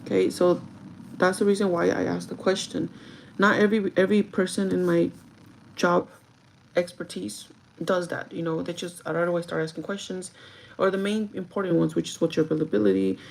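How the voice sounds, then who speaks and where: A woman's voice: lowish voice, fairly quick, creaky, poor audio. A woman chatting casually to her live viewers while doing her makeup, talking straight to them and laughing often. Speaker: livestreaming vlogger and store manager.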